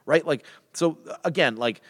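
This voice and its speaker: A man teaching the Bible in a casual, animated way, often restarting and repeating words. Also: fairly high pitch, measured pace, slightly rough, no echo, clean studio sound, in a large hall.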